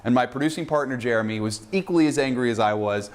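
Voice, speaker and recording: A man recording a casual video greeting for a screening audience, with a middle-pitched voice. He tells his story with animated exasperation and an easygoing directness. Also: fast. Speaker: filmmaker introducing a screening.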